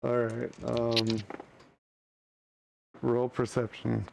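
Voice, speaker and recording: A man's voice: mid-range voice, monotone, drawn-out words, gravelly, noisy background. A man running a tabletop game as dungeon master, calling for rolls and describing outcomes.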